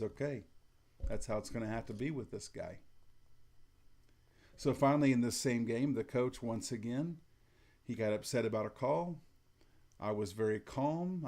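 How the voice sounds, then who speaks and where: A middle-aged man giving calm, matter-of-fact advice to umpires, acting out what to say to coaches in a flat, even tone. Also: medium pitch. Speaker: umpire instructor. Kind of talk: instructional talk to umpires.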